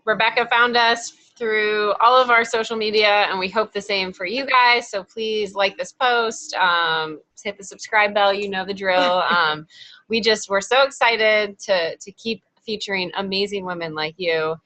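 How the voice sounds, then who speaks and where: Casting: bright, giggly female co-host, upbeat wrap-up talk. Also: medium pitch, a little slow, no echo, rough recording. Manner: upbeat, giggly, many fillers. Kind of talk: friendly podcast hosting.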